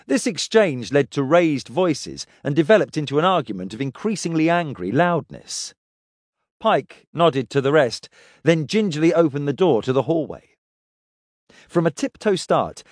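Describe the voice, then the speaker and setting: A man narrating an audiobook in an expressive way. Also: mid-range voice, no room sound, clean studio sound. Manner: expressive, voices characters.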